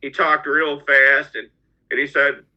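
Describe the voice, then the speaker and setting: Middle-aged man, podcast guest, halting and repetitive, higher voice, dull lo-fi audio. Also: level tone, pushed and bright. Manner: halting, repeats words as he goes. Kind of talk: personal storytelling.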